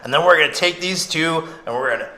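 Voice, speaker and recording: A man co-hosting a podcast in casual comedic chat, a loud, rambling storyteller who laughs often. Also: fairly high pitch, fast. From Vancouver, Canada. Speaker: podcast co-host. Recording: roomy echo.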